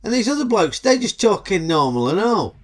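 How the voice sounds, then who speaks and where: Speaking briskly in a high-pitched, very animated voice, a middle-aged Yorkshireman with a Northern English accent hosts a comedic film review that's chatty, cheeky, and thick with dialect banter.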